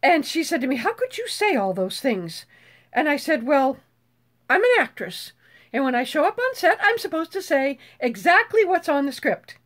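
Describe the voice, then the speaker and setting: An older woman hosting a casual live chat, bubbly and foul-mouthed, who swears freely and screeches when excited. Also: sits high, moderate pace. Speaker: YouTube host.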